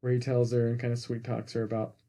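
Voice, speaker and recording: A man's voice: medium pitch, completely flat delivery, fast talker, dark tone. A man co-hosting a casual movie review podcast, retelling scenes and acting out quoted lines. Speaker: podcast co-host.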